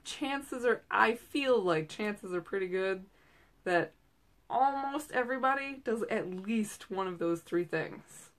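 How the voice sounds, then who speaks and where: A woman's voice: mid-range voice, lively intonation, slow. A woman in her thirties chatting casually as a host, rambling through tangents with lots of fillers. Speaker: host and direct seller. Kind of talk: casual chat. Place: small room at home.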